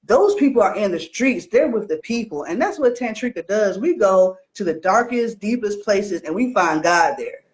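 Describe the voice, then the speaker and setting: A woman's voice: mid-range voice, lively intonation, normal speed, few pauses. A woman talking in a bold, slangy, emphatic way in a casual spiritual chat.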